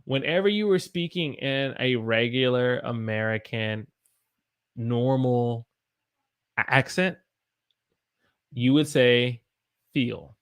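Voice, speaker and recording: A man's voice: medium pitch, smooth. A man with a Southern US accent teaching English pronunciation, repeating example words again and again and answering viewer comments. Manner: slow, repeats demonstration words over and over. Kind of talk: pronunciation lesson with viewer chat.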